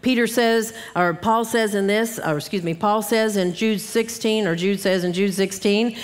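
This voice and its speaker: Long hall reverb fills this church hall recording of a middle-aged woman's earnest Bible teaching talk at a conference. She speaks at medium pitch and a moderate pace, acting out grumbling asides as she teaches.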